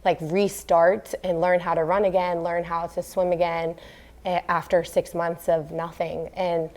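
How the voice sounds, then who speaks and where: A woman in her thirties who was a professional triathlete, talking as an interview guest in an earnest, animated way with many fillers. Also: lowish voice, a little slow. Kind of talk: casual interview talk.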